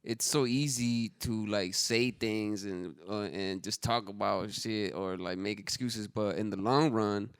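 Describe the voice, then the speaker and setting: A man's voice: lowish voice, steady tone, clean tone, no echo, studio quality. A man hosting a podcast in casual chat, reacting briefly and adding reflective thoughts. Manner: laid-back, reflective, quick reactions. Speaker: podcast host.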